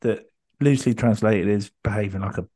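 A man's voice: fairly low pitch, brisk, dark tone, breathy edge. A man hosting a podcast, telling a story in a rambling way with many ums and restarts. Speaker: podcast host. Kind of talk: casual podcast chat.

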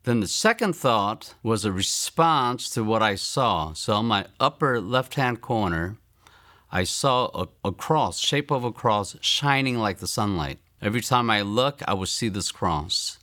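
A man in his fifties from the United States, telling his personal faith testimony in an earnest, reflective way and slowing down to stress key lines. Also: on the low side, animated, bright, forceful tone, no room sound, studio quality. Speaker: testimony speaker.

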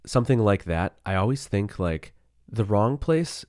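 A man hosts a solo podcast, thinking aloud in a rambling, self-mocking way. His voice sits very low, thick with morning grogginess and a cold. The sound is dry and close. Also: expressive, measured pace, darkish tone, dry recording. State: has a cold. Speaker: podcast host. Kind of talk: casual solo podcast musing.

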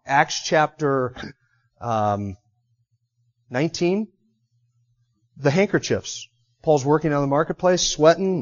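A man preaching a sermon, animated, rising into emphatic bursts and then dropping low. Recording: dull lo-fi recording.

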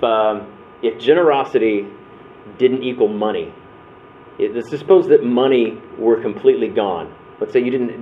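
Male workshop speaker, low-pitched and casual, storytelling, sounds like a phone line. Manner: conversational, restarts and acts out quotes. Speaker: breakout session speaker. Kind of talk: storytelling church workshop talk. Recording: tinny phone-like sound with faint noise.

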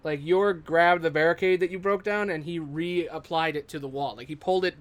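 Man, game master, casual, sweary, filler words, slightly high voice. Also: steady tone, fairly quick. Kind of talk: narrating a tabletop game.

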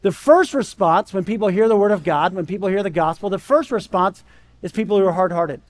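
A man's voice: high voice, fairly quick. A man preaching a sermon in a conversational way, often checking in with "right?" and acting out the voices he quotes. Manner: conversational, keeps asking "right?". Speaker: pastor.

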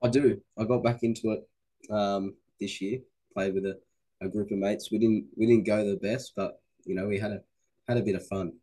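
A man's voice: on the low side, fairly even intonation, moderate pace, mellow, slightly rough, rough recording. An Australian man as a guest in a casual sports chat, laid-back and agreeable. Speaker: podcast guest.

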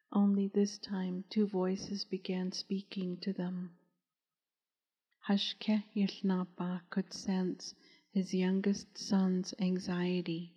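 A woman narrating a novel as an audiobook in a slow, measured, even reading. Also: mid-range voice, slightly rough. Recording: dull, echoey recording.

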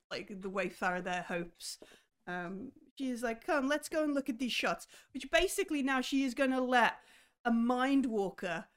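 A woman narrates as game master of a tabletop game, her voice sitting a little high. She talks hesitantly, pausing and filling gaps with ums as she voices characters. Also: smooth. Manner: hesitant, many ums, acts out characters briefly.

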